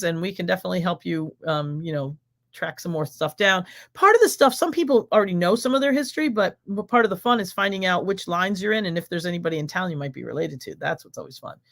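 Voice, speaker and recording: A woman's voice: fairly low pitch, a bit bright. Exuberant American woman chatting live. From United States. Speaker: host of a live stream. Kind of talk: casual live-stream Q&A.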